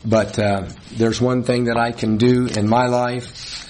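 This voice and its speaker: A man's voice: mid-range voice, flat delivery, slow pace, darkish tone, slight background noise. A man preaching a sermon, reading scripture and stressing points with repeated words and short laughs.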